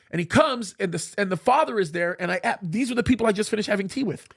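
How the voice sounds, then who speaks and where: Male studio host, high voice, animated storyteller who acts out dialogue. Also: fast talker, creaky, few pauses, breathy edge. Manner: animated, acts out quoted speech. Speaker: show host.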